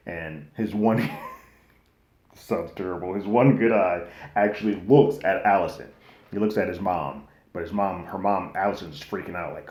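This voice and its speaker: Brief: low-voiced male host, casual slangy show recap, echoey room. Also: moderate pace. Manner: slangy and animated, acting out quotes loosely. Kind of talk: casual episode recap and review.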